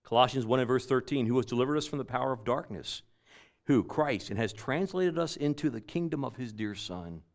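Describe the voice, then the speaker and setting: A man preaching a sermon, repeating key phrases and swinging between loud emphatic lines and quiet, trailing endings. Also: medium pitch, expressive, brisk.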